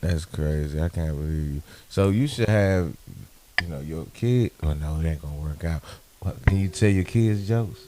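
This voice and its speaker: A man's voice: a bass voice, normal speed, background noise. A man co-hosting a podcast in casual chat, slangy, swearing often and talking in bursts. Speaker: podcast co-host.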